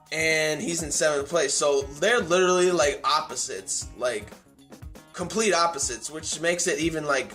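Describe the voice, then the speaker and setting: A man's voice: fairly high pitch, a bit bright. Rambling man recapping an anime episode. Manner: rambling, many fillers and restarts; enthusiastic. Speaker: anime reviewer.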